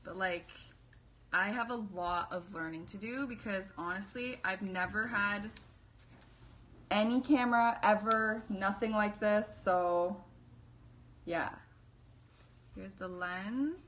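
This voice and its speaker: Young woman, casual unboxing vlog, bubbly and chatty, unhurried delivery, faint background hiss. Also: medium pitch, fairly bright tone. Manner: bubbly, chatty, self-deprecating, lots of fillers. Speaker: vlogger.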